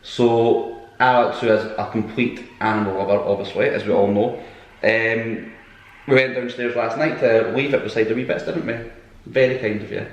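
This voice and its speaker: A man co-hosts a relaxed home podcast, chatty and teasing as he rambles and restarts his sentences. His voice sits in an ordinary middle pitch. The room around him rings with a noticeable echo. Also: moderate pace, dull audio. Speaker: podcast co-host. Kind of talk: casual chat. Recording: roomy echo.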